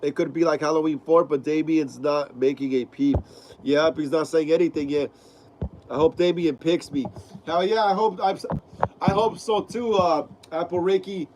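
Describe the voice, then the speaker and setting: A man with a fairly high voice runs a casual live stream for a horror film channel, reading viewer comments with fairly even intonation at a moderate pace. Being sick, his clogged nose makes him sound stuffy and nasal, and his loose, slangy delivery is full of repeated phrases and "bro." There's noise in the background.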